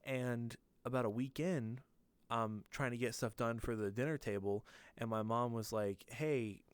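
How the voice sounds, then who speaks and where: A man spinning a rambling anecdote on a podcast, restarting sentences and swearing as he goes. His voice sits at an everyday middle pitch. It is recorded dry, with no room sound. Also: fairly even intonation, moderate pace, clear, resonant tone, no room sound. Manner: swears freely, laughs mid-story, rambling. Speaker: podcast co-host. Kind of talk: casual storytelling.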